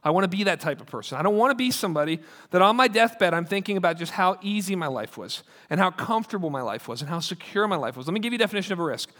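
A man's voice: sits high, animated, very fast, hardly any pauses, a bit bright. A man preaching a sermon as pastor, in an emphatic, urgent way. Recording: long hall reverb.

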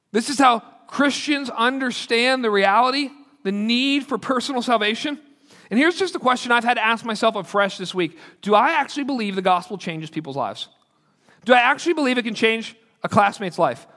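A man preaching a sermon as a pastor, earnest and full of stories, who slows down to read quotes. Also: very high-pitched, sharp tone, long reverb tail.

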